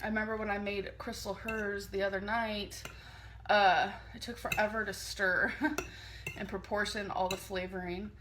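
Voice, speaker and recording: Woman with a stuffed-up nose rambling through a mukbang, mid pitch, chewing and talking, bit of faint hiss. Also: level tone, measured pace. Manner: chatty, rambling, chewing between remarks. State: stuffy nose, breathing heavily. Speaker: vlogger. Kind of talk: casual mukbang chat while eating.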